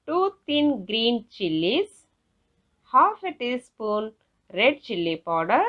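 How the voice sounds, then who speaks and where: A woman teacher with an Indian English accent, explaining a classroom lesson slowly and carefully. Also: a little high, pushed and bright. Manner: slow, careful, instructive. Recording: dull lo-fi recording.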